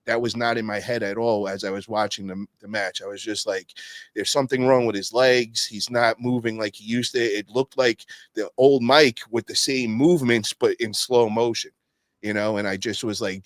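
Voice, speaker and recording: Podcast host: man, lowish voice, slangy and profane storyteller, dry close mic. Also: no room sound. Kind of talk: casual podcast chat.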